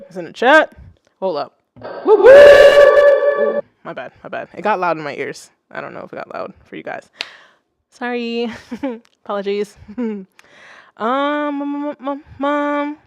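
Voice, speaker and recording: A young adult woman, a music producer, hosting a casual livestream and chatting with viewers, swearing freely and swinging between loud outbursts and soft asides. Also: mid-range voice, big pitch swings, moderate pace, no echo. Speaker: music producer and stream host.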